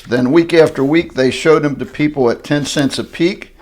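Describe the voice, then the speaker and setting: A man's voice: fairly high pitch, normal speed, hardly any pauses, darkish tone. An older grandfather reading a rhyming picture book aloud in a sing-song manner.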